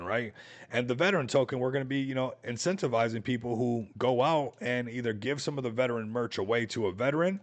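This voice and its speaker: A man chats casually on his crypto livestream, hyped up and rambling. He talks in slangy asides at a middle pitch, as if to viewers in a chat window. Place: Las Vegas home.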